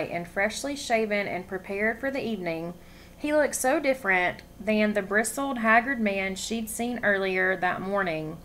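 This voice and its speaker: A woman reading a novel aloud with expression, pausing to ask her listeners questions. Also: medium pitch, fairly bright tone, slight background noise. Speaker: story reader.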